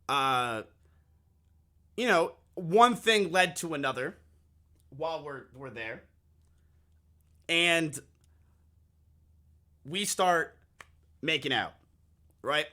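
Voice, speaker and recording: A man talks straight to his live chat, spinning a crude, candid story and repeating lines for effect. His voice sits a little high and sounds bright and forceful. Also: animated, drawn-out words, long pauses. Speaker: streamer.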